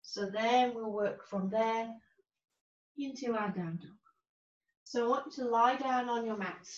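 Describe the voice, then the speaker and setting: A woman teaching a yoga class, giving calm, gentle, unhurried cues. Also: a little high. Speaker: yoga instructor. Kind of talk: guided yoga class instruction. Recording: roomy, distant, dull-sounding recording.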